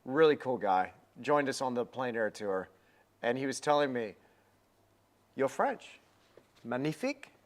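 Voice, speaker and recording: A man's voice: mid-range voice, moderate pace. A young man giving a live painting lesson, chatty and rambling with a self-deprecating manner. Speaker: painting instructor.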